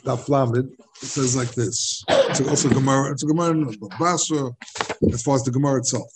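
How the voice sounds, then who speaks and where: A man teaching a Talmud class, halting and repeating words as he searches for them. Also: mid-range voice, heavy background noise.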